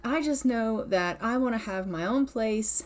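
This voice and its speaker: A woman voicing an indignant teenage girl in a life-sim game story, talking in animated, exclamatory bursts. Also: measured pace, lightly acted. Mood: dreamy. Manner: animated, exclamatory, rising pitch.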